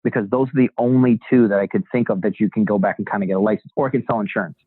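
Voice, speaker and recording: This real estate agent, a guest in a laid-back interview, races through his story in a fairly low, husky voice with fairly even intonation. He mimics the people he quotes and swears liberally. The recording is dry and tinny, as if over a phone.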